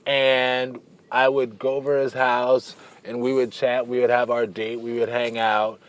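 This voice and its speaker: A man's voice: mid-range voice, monotone, unhurried. Chatty playful man telling a story. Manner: chatty and playful, wandering into tangents. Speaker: vlogger. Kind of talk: casual storytelling to camera.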